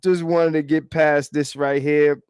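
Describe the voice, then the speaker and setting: A man hosting a live stream, reacting to clips in a profane, animated, repetitive way and laughing often. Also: fairly high pitch, measured pace, clean tone, no echo, clean studio sound. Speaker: livestream host.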